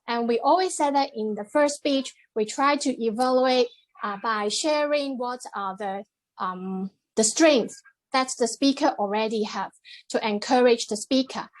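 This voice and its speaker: High-voiced woman giving encouraging feedback. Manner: measured, encouraging, many fillers. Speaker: general evaluator. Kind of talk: meeting evaluation feedback. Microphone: video call.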